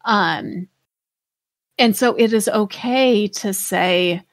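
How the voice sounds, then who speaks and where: A woman's voice: mid-range voice, extremely slow, no room sound, clean studio sound. A woman co-hosting a podcast in casual chat, talking in a thoughtful, heartfelt way and searching for her words. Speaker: podcast co-host.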